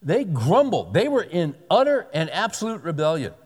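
A pastor preaching a sermon in a conversational, emphatic way, repeating key words for weight. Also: male voice, a little high, wildly swooping pitch, normal speed, a little mellow, breathy edge. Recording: long hall reverb.

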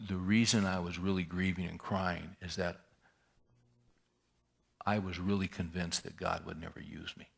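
Low gravelly-voiced male preacher. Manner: candid, conversational storytelling with restarts and asides. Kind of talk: personal storytelling sermon.

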